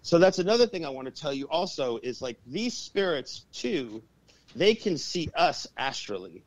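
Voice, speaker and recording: A man being interviewed as a guest shaman and exorcist, telling stories in an excitable, profane way. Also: on the high side, normal speed, no echo, rough recording. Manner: profane and excitable, acts out the voices in his stories. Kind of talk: animated storytelling in a podcast interview.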